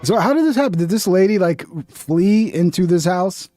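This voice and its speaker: A man's voice: sits high, expressive, normal speed, mellow. A man streaming casual commentary over a video, blunt and mocking, swearing often.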